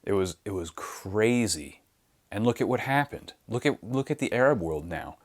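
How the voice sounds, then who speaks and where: A man's voice: lowish voice, animated, moderate pace. A man from the United States delivering an unscripted, impassioned monologue, insistent and repeating words for emphasis. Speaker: channel host.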